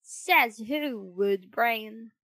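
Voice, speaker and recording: Storybook cricket, bossy little know-it-all, chirpy and high, played by a woman. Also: extremely slow, pushed and bright, no room sound, exaggerated voice. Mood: preachy. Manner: lecturing, cheeky. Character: bossy preachy male cricket.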